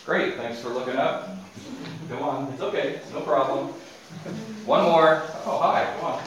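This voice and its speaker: A man preaching a sermon, joking aside to his listeners and reading scripture slowly. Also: mid-range voice, a little hiss or hum. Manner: animated, jokey asides, reads scripture slowly. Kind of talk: sermon with audience participation. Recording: echoey hall, faint ambience.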